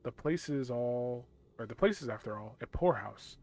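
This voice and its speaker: A man's voice: mid-range voice, animated, normal speed, darkish tone, natural voice. A man voicing a weary, grumbling male town guardsman from a game.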